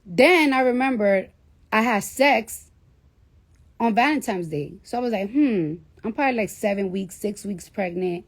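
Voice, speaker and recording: A woman's voice: medium pitch, a little slow. A woman in her thirties telling a story casually on a live stream, swearing freely and acting out the dialogue. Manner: profane, animated storytelling with quoted dialogue. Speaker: livestreamer.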